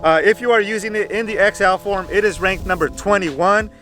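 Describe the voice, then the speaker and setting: A man's voice: high-pitched, fairly quick, bright, forceful tone, faint music behind. A man hosting his gaming channel, chatting casually through a game guide and repeating "go ahead" between filler words.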